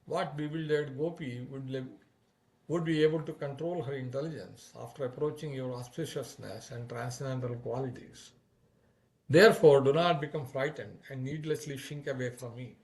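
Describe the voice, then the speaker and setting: A man's voice: mid-range voice, moderate pace, close to an everyday voice. A man doing a jealous, reproachful young woman. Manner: sharp, reproachful delivery. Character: jealous young woman cowherd, proud and hurt.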